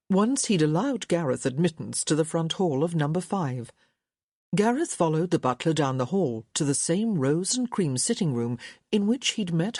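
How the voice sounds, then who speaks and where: A woman giving expressive scripted narration of a romance audiobook. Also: low-pitched, no echo, clean studio sound. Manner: expressive storytelling.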